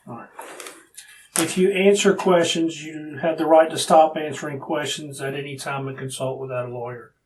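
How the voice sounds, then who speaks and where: A man's voice: fairly high pitch, fairly even intonation, moderate pace. Give me a male detective asking procedural questions, recorded from a distance with faint background hiss. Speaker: police detective. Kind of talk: police interrogation. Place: police interview room. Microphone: room recording device.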